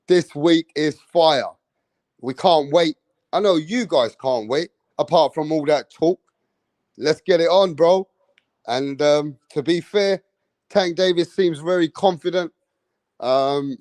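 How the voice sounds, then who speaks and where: A man's voice: on the high side, a little mellow, dry recording. A young man hosting a live boxing stream, calling out viewers by name in casual street slang. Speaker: boxing livestream host.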